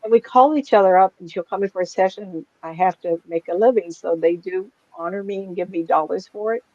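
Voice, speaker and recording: Talking a little fast in a mid-range, slightly mellow voice, a sixty-something psychic medium addresses a small group casually, rambling and laughing often. The audio is dull, dry and lo-fi.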